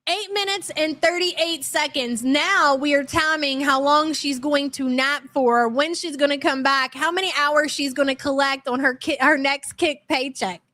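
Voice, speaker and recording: High-voiced woman mocking on stream. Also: fairly even intonation, moderate pace, hardly any pauses, bright, forceful tone. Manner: mocking, blunt, profane. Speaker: commentary channel host. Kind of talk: live stream reaction commentary.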